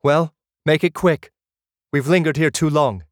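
A man voicing a fierce, distrustful young woman warrior in an audiobook, sharp in manner. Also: a little high, sing-song, moderate pace, husky, no echo, studio quality, voice pushed up. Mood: impatient. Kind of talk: audiobook character voice.

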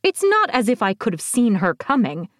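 Woman doing a villainous sorceress, imperious, seething, shrill, raised pitch, dry close sound, audiobook voice. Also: wildly swooping pitch, moderate pace, no room sound. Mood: defiant. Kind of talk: audiobook character voice.

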